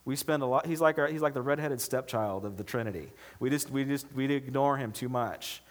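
A man preaching a sermon as a pastor, talking in a conversational way and building to animated, emphatic stretches. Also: medium pitch, fairly quick, few pauses.

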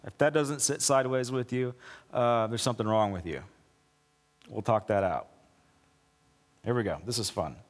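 A male pastor preaching a conversational sermon with sarcastic asides, acting out quoted lines in a lower, softer voice. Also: normal speed, long pauses, long reverb tail.

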